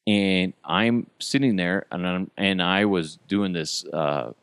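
A man's voice: low voice, slow, fairly bright tone, clean tone, dry recording. A middle-aged man hosting a podcast, ranting casually about everyday annoyances, swearing freely and chuckling as he goes. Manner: profane, chuckling, exasperated venting. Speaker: podcast host.

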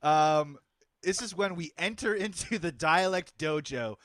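A man's voice: fairly high pitch, a little slow, fairly bright tone, no echo, studio quality. A man hosting a casual movie podcast, upbeat and often laughing, stretching words out for emphasis. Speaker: podcast host.

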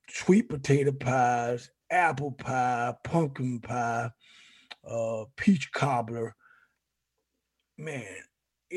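Gravelly older man, chatty and animated. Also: mid-range voice. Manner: animated storyteller, many restarts. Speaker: guest. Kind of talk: casual chat.

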